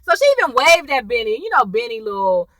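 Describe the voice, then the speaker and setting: A woman casually recapping a TV episode, acting out the characters' lines in a lively, chatty way. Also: on the high side, fast, no room sound, rough recording. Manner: animated, acts out characters' lines. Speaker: TV episode reviewer.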